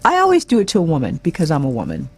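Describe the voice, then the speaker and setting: A woman's voice: deep voice, wildly swooping pitch, very fast, breathy edge. A middle-aged woman giving a motivational coaching talk, emphatic and fond of repeating key words in threes. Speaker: presentation coach.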